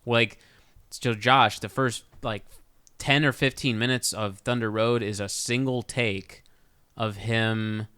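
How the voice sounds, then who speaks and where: A man's voice: mid-range voice, fairly even intonation, slow, pushed and bright, smooth, dry recording. A young man co-hosting a podcast, talking casually and enthusiastically about films he recommends. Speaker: podcast co-host. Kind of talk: casual chat about movies.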